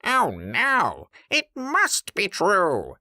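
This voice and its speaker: A woman voicing an easygoing duck who speaks in slow, drawn-out words. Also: mid-range voice, huge pitch swings, pushed and bright, no echo, clean studio sound, voice pushed up, heavily acted. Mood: worried.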